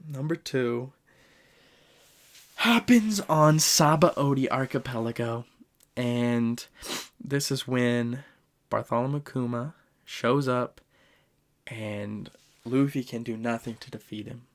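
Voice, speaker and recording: Gravelly-voiced man, emotional podcast retelling. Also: mid-range voice, slow pace, pauses often. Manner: animated, emotional retelling with laughs. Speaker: podcast host. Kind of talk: casual podcast ranking.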